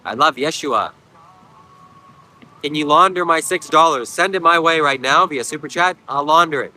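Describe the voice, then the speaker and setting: A man from Canada streaming outdoors at a beach, answering his chat with deadpan jokes. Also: on the high side, normal speed, low-quality recording. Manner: deadpan, joking replies to chat. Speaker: livestream host reading chat. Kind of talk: casual livestream chat.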